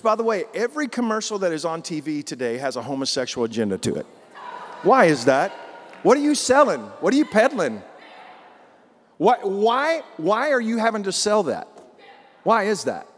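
A man's voice: fairly high pitch, in a large hall. A man preaching a sermon as pastor, in a folksy, emphatic way full of rhetorical questions.

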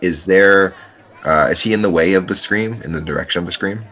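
Deep-voiced tabletop player man. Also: a little fast, a bit bright, some chatter behind. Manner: hesitant, filler-heavy. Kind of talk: casual tabletop play.

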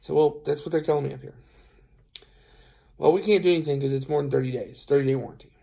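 This truck driver sounds tired as he rambles on camera, quickly reenacting what each person said, with fillers everywhere. His voice sits on the high side, gravelly but warm, and he talks fast. It's a casual storytelling vlog.

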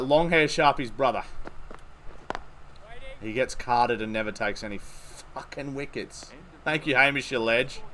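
Excitable gamer, lively high voice. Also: male voice, a little hiss or hum. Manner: excitable, swears, thanks followers between balls. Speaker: streamer. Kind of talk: live gameplay commentary.

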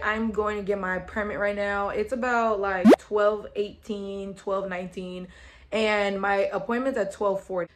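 A woman's voice: medium pitch, level tone, unhurried. A nineteen-year-old woman chatting casually to her viewers in a vlog, playful and profane, recorded on a phone outdoors and on a bus. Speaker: vlogger. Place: outdoors, at a bus stop, on a bus and walking. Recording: street and vehicle noise behind.

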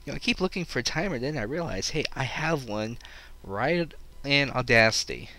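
A man's voice: mid-range voice, lively intonation, normal speed, noisy background. A man giving casual, self-deprecating commentary while playing a game, talking to viewers. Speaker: let's play commentator. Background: game music.

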